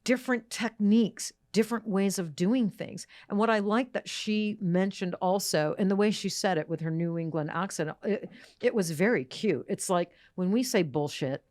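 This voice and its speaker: A woman's voice: medium pitch, normal speed, darkish tone, no echo, studio quality. A woman hosting a podcast, talking in a chatty, enthusiastic way with many fillers and restarts. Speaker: podcast host. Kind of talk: casual podcast chat. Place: recording studio.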